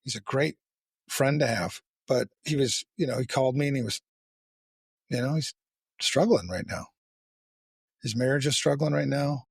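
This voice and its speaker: A man hosting a podcast, talking candidly and bluntly with a lot of swearing and halting restarts. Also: medium pitch, gravelly, husky, dry recording, clean studio sound. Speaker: podcast host. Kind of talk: candid casual conversation.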